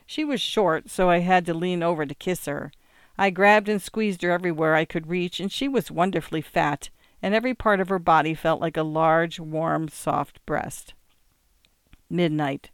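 A man's voice: on the high side, normal speed, a bit bright, smooth, no echo, clean studio sound. A man reading a first-person story aloud in a wry, plain-spoken way. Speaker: audiobook reader.

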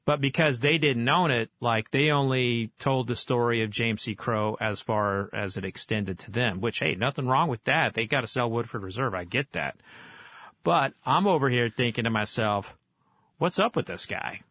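A man from Oklahoma, a guest in an interview, telling stories in a casual, animated way with many fillers. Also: mid-range voice, moderate pace. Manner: animated storyteller, lively with fillers. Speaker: guest, whiskey author.

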